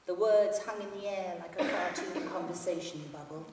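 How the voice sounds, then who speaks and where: A woman's voice: lowish voice, moderate pace, hardly any pauses, darkish tone, a little hiss or hum. A woman in her fifties reading from her memoir to an audience in a library hall, with a dry, understated storytelling manner. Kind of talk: public book reading. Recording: echoey hall, mic from far off.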